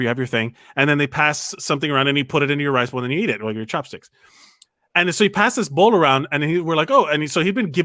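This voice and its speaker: A man co-hosting a comedy podcast, telling a long story in casual chat with quick, animated asides. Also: fairly high pitch, no room sound, clean studio sound. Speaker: podcast co-host.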